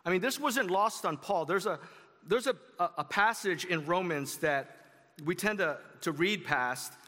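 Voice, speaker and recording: A man's voice: sits high, expressive, unhurried, pushed and bright, in a large hall. A man preaching a sermon to his congregation in a conversational way, with asides to the audience. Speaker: pastor. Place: church sanctuary.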